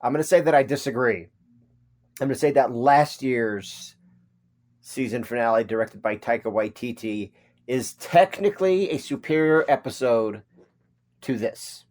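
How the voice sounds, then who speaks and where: A man in his forties co-hosting a podcast, chatting casually with jokes and quick asides. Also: medium pitch. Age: 40s. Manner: animated, joking, quick asides. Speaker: podcast co-host. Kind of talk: casual chat.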